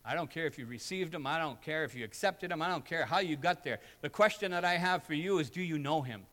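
A man's voice: fairly high pitch, lively intonation, quick pace, fairly bright tone. A man preaching a sermon as pastor, emphatic and building with repeated phrases, in a church sanctuary. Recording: long hall reverb.

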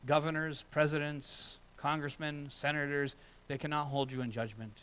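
A man's voice: fairly high pitch, little pitch movement, moderate pace, a bit bright, clear, resonant tone, rough recording. A middle-aged man preaching a sermon as pastor, earnest and conversational, with short acted asides.

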